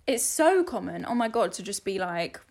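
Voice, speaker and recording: A woman's voice: mid-range voice, very animated, moderate pace. A woman co-hosting a podcast, chatting candidly and swearing freely. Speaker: podcast co-host. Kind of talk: casual chat.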